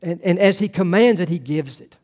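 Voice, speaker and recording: A middle-aged male pastor preaching a sermon, earnest, rising to emphatic quotes and dropping to hushed asides. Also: sits high, a little fast.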